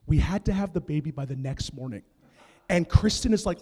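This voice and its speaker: Pastor guy, high voice, jokey story sermon, loud then quiet, big echoey church. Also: a little fast, husky. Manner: animated comic storytelling, big swings in loudness. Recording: long reverb of a large hall.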